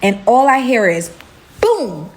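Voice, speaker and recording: A young woman from Brooklyn tells a storytime vlog. She is animated and chatty, dropping "like" and "right?" all through it. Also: on the high side, slow. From Brooklyn, New York.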